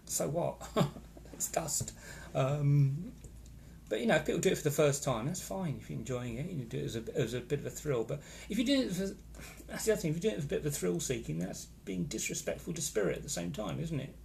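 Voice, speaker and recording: Gravelly man chatting live. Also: a little high, animated, brisk, darkish tone, slight background noise. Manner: chatty, opinionated, greets viewers by name. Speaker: host of a live stream. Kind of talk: casual live-stream chat reading viewer comments. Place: holiday location in Florida.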